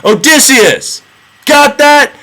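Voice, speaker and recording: A man's voice: fairly high pitch, lively intonation, normal speed, fairly bright tone. A man voicing a cocky, scheming male hero who talks in laid-back slang and brags. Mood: taunting yell. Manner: laid-back slangy bro talk, bragging.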